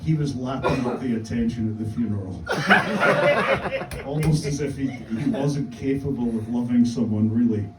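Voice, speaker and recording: A man doing a stand-up set in a deadpan, halting way, full of fillers. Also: medium pitch, very noisy. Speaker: stand-up comedian. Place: comedy club stage. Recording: echoey room mic, from a distance.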